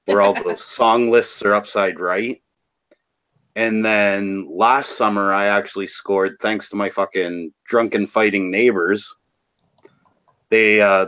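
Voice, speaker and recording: Brief: Canadian guy, low-ish voice, loose rambling chatter with lots of cursing. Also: a bit bright. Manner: rambling, swears freely. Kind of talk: casual chat.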